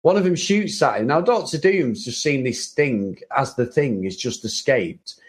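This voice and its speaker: A man's voice: medium pitch, expressive, normal speed. Chatty man laughing through a review. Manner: chatty, laughs often, many restarts. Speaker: podcast co-host. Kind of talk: casual chat.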